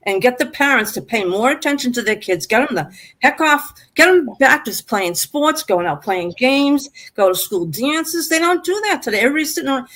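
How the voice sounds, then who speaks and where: A woman's voice: high-pitched, expressive, moderate pace, few pauses, fairly bright tone. An older woman calling in to a live stream, upset and rambling, with stammering restarts. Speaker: guest caller. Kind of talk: emotional live-stream chat.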